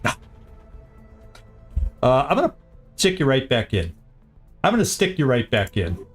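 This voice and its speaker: A man's voice: medium pitch, very animated, unhurried, breathy edge. Man thinking aloud over game music. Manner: thinks aloud, repeats words, muttering asides. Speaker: gaming streamer. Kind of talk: casual gameplay commentary.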